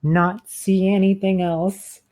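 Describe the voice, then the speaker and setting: A woman's voice: medium pitch, level tone, slow, dark tone. A woman playing a tabletop game, chatting casually in character and out of character. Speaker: player.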